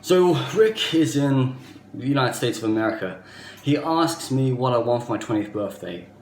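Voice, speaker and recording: A man's voice: medium pitch, animated, normal speed, a little mellow. Earnest rambling Australian man, echoey room. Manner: earnest, rambling, leans on "basically" and "you know". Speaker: vlogger. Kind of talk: personal storytelling monologue. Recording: echoey room with faint background noise.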